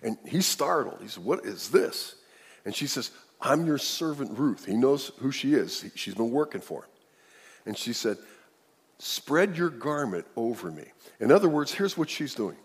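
Husky-voiced male preacher in a big hall. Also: mid-range voice, big pitch swings, moderate pace. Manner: conversational preaching, asks the listeners questions. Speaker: pastor. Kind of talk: sermon. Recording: long reverb of a large hall.

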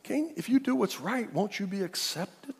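A man voicing God as a loving, patient father gently coaxing his son in a sermon. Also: high voice, lively intonation, moderate pace, slightly rough, pitched above the performer's own voice, full character voice. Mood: gentle.

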